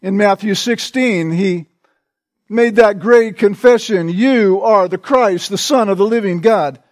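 A male pastor preaching a sermon in a slow, deliberate way, repeating short phrases for emphasis. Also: high-pitched, a little mellow, no room sound.

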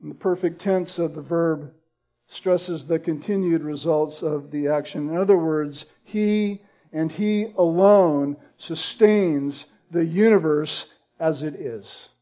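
A man preaching a sermon, deliberate and emphatic, building in intensity on key points. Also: a little high, mellow.

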